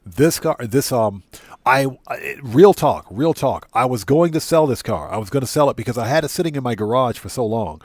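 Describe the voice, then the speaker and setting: A man's voice: medium pitch, animated, normal speed, no echo. A man livestreaming a video game, chatting casually with viewers and repeating himself for emphasis. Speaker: streamer.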